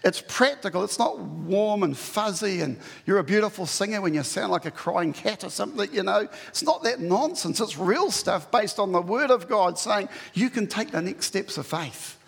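A male pastor delivers a conversational, emphatic sermon in a high, gravelly voice. His words ring with long reverb in a church hall. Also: lively intonation, moderate pace.

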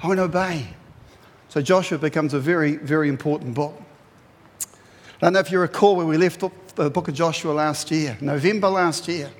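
A pastor preaches a sermon in a high, bright-sounding voice at a fairly quick pace. He retells the story animatedly, breaking into loud, acted-out quotes, and a long reverb from the hall rings around his voice.

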